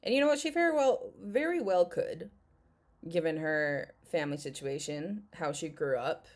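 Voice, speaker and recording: A woman's voice: low voice, lively intonation, moderate pace. A woman vlogger chatting casually in commentary, candid and opinionated, hedging with fillers.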